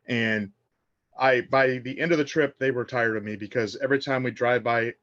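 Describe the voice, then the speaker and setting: A man's voice: mid-range voice, moderate pace, dry recording. A middle-aged man from Indiana, a guest on a fan podcast. He chats casually and tells long stories, slipping into the voices of the people in them. His voice sounds close and dry, with a slightly muffled, dull tone. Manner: animated storyteller, acts out quotes. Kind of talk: casual chat.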